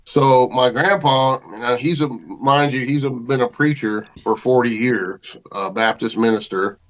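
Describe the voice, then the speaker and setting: A man's voice: mid-range voice, a little slow, poor audio. A man, a podcast guest, telling a story in a casual, folksy way with colloquial grammar and vivid detail.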